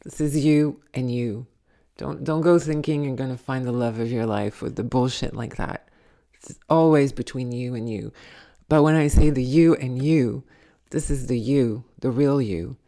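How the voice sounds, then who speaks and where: A woman's voice: a bass voice, normal speed, warm tone. A woman channeling a blunt, salty female spirit who reads tarot cards and scolds the listener. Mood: blunt scolding.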